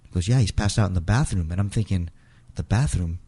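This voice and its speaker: A man's voice: deep voice, fast talker, mellow, husky. A man telling a long personal story in a casual interview, rambling and restarting and quoting others in his own voice. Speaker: interview guest.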